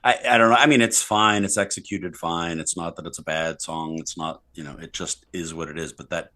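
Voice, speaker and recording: A man co-hosting a music podcast, joking and casual. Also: deep voice. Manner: joking, drawn-out and lively. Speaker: podcast co-host. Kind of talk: casual chat.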